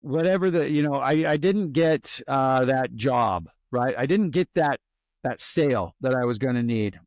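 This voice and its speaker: A man speaking as a guest expert on a podcast. He talks in a lively, storytelling way, acting out anxious inner thoughts to make his points. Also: medium pitch, moderate pace, no echo. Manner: animated storyteller who acts out worried inner monologues. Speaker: guest, resilience expert and author. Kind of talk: conversational podcast interview.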